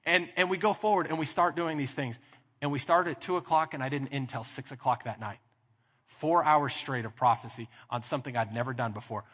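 A man with a Texan accent preaching a sermon as pastor, telling a story with lively acted-out dialogue. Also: medium pitch, slightly rough, big-room sound. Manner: animated storytelling, acting out dialogue. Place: church sanctuary.

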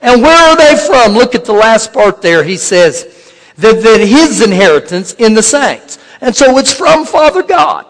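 Male pastor, very high voice, preaching with repeated phrases, long hall reverb. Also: sing-song, a bit bright. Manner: repeats key phrases, slows down to stress words. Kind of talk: sermon.

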